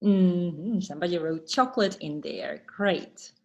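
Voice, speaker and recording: A woman teacher trainer giving an online webinar lesson, explaining patiently and pausing to read answers from the chat. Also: lowish voice, vocal fry, darkish tone.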